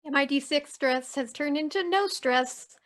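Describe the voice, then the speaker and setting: High, bright-voiced woman player. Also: unhurried. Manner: chatty, hesitant starts. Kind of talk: playing a tabletop game.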